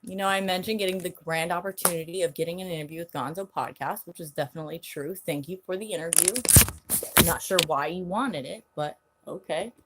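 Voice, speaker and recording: A woman's voice: fairly low pitch, fairly quick, noisy background. A woman hosting her own channel, ranting bluntly on a live stream, angry and swearing heavily. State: angry, agitated. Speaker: channel host.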